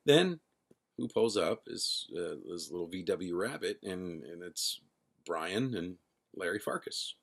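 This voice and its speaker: A man's voice: low-pitched, measured pace, gravelly, a bit bright. A middle-aged man, a band's singer and founder, telling his story casually in a rambling way, correcting himself as he goes. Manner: rambling, self-correcting, acts out quoted dialogue.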